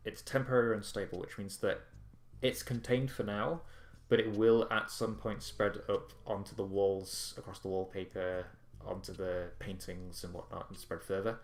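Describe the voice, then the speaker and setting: A man's voice: lowish voice, flat delivery, normal speed, roomy sound. A man narrating as game master of a tabletop game, rambling with frequent ums and restarts.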